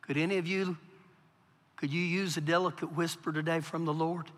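High, bright-voiced preaching man. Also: steady tone, moderate pace. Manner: preaching with big swings from quiet to loud. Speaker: pastor. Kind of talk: sermon. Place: church hall. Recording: live church hall with long reverb.

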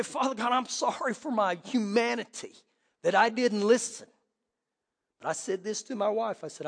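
High-voiced pastor in a reverberant hall. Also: male voice, normal speed, gravelly. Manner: dramatic storytelling, swings from hushed to loud. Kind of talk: sermon with personal story.

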